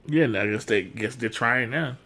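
A man's voice: medium pitch, normal speed, bright, forceful tone. A man co-hosting a podcast in casual chat, laid-back and playful. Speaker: podcast co-host.

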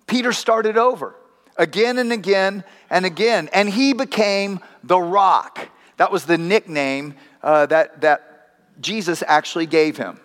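Man, sermon, storytelling preacher, high voice, long echoing hall. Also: a bit bright. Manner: storytelling preacher acting out voices, wry asides. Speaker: pastor.

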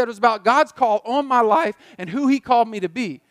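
A man's voice: very high voice, a little fast, no echo, studio quality. A man preaching a sermon as pastor, telling the story in a loose, conversational way and often repeating words as he thinks.

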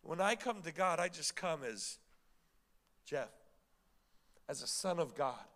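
A male pastor delivers a sermon in a high, bright and forceful voice. He preaches with emphasis, throws rhetorical questions at his listeners and often repeats a word as he drives a point home. His tone stays fervent and direct. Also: expressive, unhurried. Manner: repeats and restarts words when building a point.

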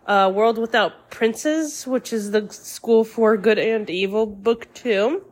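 A young woman hosting her own podcast, chatting casually and rambling with fillers, sounding a little congested. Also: medium pitch. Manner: slow, rambling, with many fillers and laughs. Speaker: podcast host. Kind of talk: casual solo podcast chat.

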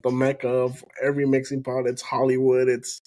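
A man's voice: mid-range voice, completely flat delivery, a little fast, a little mellow. Easygoing man podcast host. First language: Spanish. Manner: encouraging, laughs often, frequent backchannels. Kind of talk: casual interview chat.

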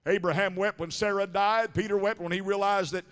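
A man preaching a sermon in church, moving from quiet storytelling to shouted climaxes. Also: high-pitched, fairly even intonation, a little fast, clear, resonant tone. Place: church sanctuary during a service. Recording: reverberant church sanctuary.

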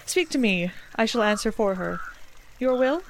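An actress playing a proud young noblewoman in Elizabethan stage style, measured and commanding. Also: a little high, lively intonation, slight background noise.

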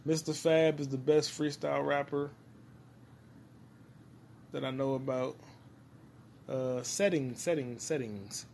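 Rambling, profane solo podcaster. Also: male voice, mid-range voice, steady tone, slow pace, gravelly, long pauses, a little mellow, a little hiss or hum. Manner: rambling, profane, talks to himself. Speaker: podcast host. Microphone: phone recording.

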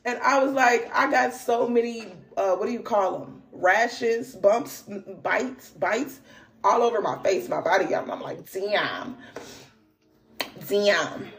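A woman's voice: on the high side, a little slow. A young woman hosting a spiritual podcast, telling a dream story with lots of slang and laughter, then reading cards. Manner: animated, laughing, slangy, exclaims often. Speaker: podcast host and spiritual reader. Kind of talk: casual storytelling and card reading.

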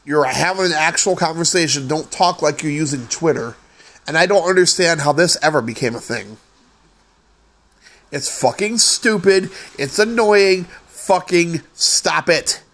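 A man hosts his own podcast and rants about everyday annoyances, swearing freely and sounding exasperated. His voice sits a little higher than most men's. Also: a little slow, a bit bright. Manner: profane, exasperated ranting. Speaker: podcast host. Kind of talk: solo ranting podcast.

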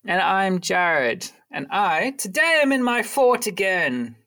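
A man's voice: high voice, sing-song, takes it slowly, sharp tone. A man co-hosting a podcast from a blanket fort at home, teasing and swearing casually, laughing, with a sniffly nose. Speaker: podcast co-host. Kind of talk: casual chat.

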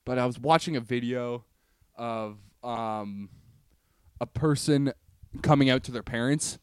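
A man's voice: medium pitch, measured pace, clear, resonant tone, no room sound, studio quality. A man co-hosting a podcast in casual chat, joking, mocking himself and swearing freely. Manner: joking, self-mocking, profane. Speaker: podcast co-host.

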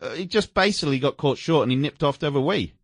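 A man co-hosts a sports radio show, reading odd news items aloud and laughing along. His voice swings widely in pitch, and the recording is dry and close. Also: fast talker, no room sound. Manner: animated, laughs while reading stories aloud.

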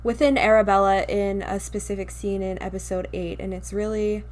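A woman's voice: medium pitch, fairly even intonation, normal speed, darkish tone. A young woman with a mid-range voice hosts a podcast. She gushes enthusiastically and talks casually. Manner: gushing, enthusiastic. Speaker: podcast co-host. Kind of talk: casual chat.

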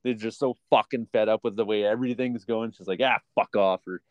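A man co-hosting a podcast in casual chat, rambling with lots of fillers as he talks like an excited fan. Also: on the low side, quick pace, no room sound, dull audio. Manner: rambling, filler-heavy, enthusiastic fan talk. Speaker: podcast co-host.

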